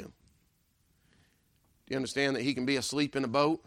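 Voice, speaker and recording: Male preacher, high gravelly voice, dry close sound, emphatic rhetorical sermon delivery with a repeated refrain. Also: little pitch movement, a little fast, a bit bright, dry recording.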